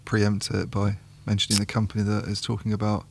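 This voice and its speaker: A man's voice: on the low side, monotone, fairly quick, vocal fry, breathy edge, dry recording. A man co-hosting a podcast in casual chat, hesitant and wry, often restarting his sentences. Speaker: podcast co-host.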